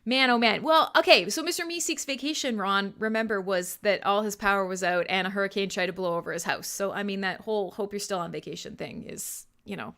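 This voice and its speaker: A woman's voice: medium pitch, fairly quick, few pauses, a bit bright. A Canadian woman hosting a live radio stream, chatting casually and irreverently with listeners, swearing freely and laughing often. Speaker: radio show host.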